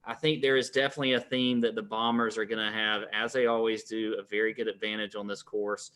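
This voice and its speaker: Bright-voiced man running through golf stats. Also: lowish voice, little pitch movement, clear, resonant tone. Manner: rapid-fire stats rundown with many fillers. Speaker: co-host. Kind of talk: casual golf betting preview.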